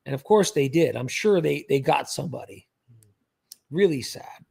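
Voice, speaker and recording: Gravelly, husky male streamer, chatty, reads comments aloud. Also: fairly high pitch, lively intonation, normal speed, a little mellow. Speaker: livestream host, scam baiter. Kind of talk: casual livestream chat.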